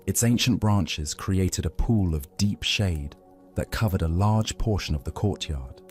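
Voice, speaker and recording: A man telling a Zen story as scripted narration for sleep, in a slow, soothing, even way. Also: deep voice. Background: faint music.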